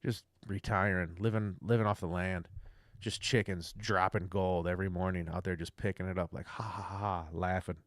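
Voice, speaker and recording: A man's voice: low-pitched, steady tone, normal speed, no echo. A young man rambling casually through a livestream rant, loose, chatty and profane. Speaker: livestream host.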